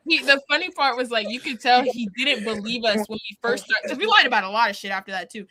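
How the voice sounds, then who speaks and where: A woman's voice: fairly high pitch, pushed and bright, no room sound. A woman co-hosting a charity stream, chatting casually in a dry, matter-of-fact way with plenty of fillers. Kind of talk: casual storytelling chat. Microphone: streaming setup, video call.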